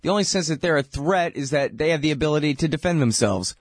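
A man's voice: a little high, expressive, quick pace, dry recording, studio quality. Sarcastic male political talk host. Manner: sarcastic, mocking, heated. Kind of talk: political commentary monologue.

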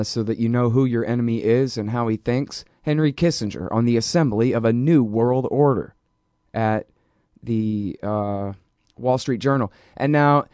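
A man's voice: mid-range voice, no echo, studio quality. A man hosting a political talk show, talking in a casual, rambling and sarcastic way. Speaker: radio show host.

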